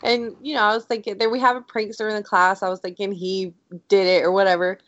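A woman co-hosting a podcast, telling a story in a casual, animated way and saying "like" a lot. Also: mid-range voice, quick pace, no room sound. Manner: animated, excitable storyteller, heavy use of "like". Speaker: podcast co-host. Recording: dry, dull lo-fi audio.

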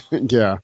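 A man with a lowish voice trades jokes and laughs easily while commenting on a film. His audio comes through a remote call, dull and muffled, with a very dry, close sound. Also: a little mellow, slightly rough, no echo. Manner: joking, laughs often. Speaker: podcast co-host. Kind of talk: casual movie commentary chat. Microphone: remote call, audio cuts out.

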